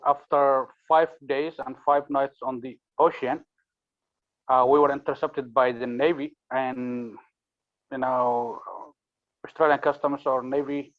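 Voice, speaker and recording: A man who is a refugee recounting his arrival in a steady, measured way, with many fillers. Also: medium pitch. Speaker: refugee speaker. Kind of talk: speech at an online launch event. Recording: tinny phone-like line.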